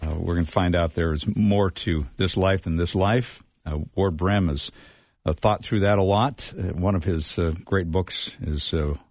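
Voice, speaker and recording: A man hosting an interview, introducing his guest in a halting way with many fillers. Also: deep voice, a little mellow, dry recording. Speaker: interview host.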